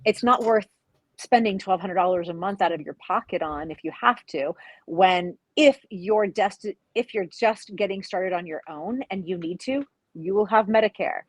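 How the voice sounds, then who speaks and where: A woman's voice: medium pitch, moderate pace, dry recording, rough recording. A woman co-hosting a podcast, giving direct, emphatic advice in casual chat. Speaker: podcast co-host.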